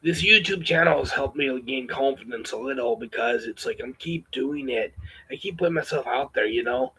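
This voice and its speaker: A man speaking in a pitched-up, strained put-on character voice while chatting, with a gravelly edge, in a room at home on a webcam or phone mic. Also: lively intonation, moderate pace, pushed and bright, exaggerated voice, low-quality recording. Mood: complaining. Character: campy male spy-spoof character voice.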